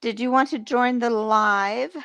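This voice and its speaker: Woman livestream host: slow, smooth, teasing chatter with fillers, dry close sound. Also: on the high side, fairly even intonation, a bit bright, no room sound. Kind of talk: casual livestream chat.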